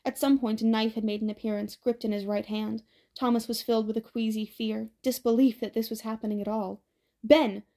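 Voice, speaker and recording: Woman narrating an audiobook, higher voice. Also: little pitch movement, brisk, mellow.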